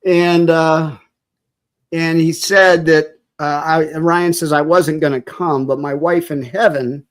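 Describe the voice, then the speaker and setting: A man with a somewhat high-pitched voice talks as a podcast guest. He tells a personal story with feeling and slips into the voices of the people in it. At moments he comes close to tears. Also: measured pace. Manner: vivid storyteller who acts out quoted dialogue.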